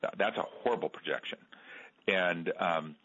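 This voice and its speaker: A middle-aged man, an author guest on a radio interview, telling stories in an earnest, halting way and repeating words. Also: deep voice, a bit bright, slightly rough. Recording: dull lo-fi radio sound.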